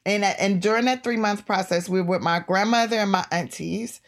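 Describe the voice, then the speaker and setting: A middle-aged woman comedian telling stories in a casual interview, animated and laughing, acting out voices in her anecdotes. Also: mid-range voice, brisk. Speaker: comedian and guest.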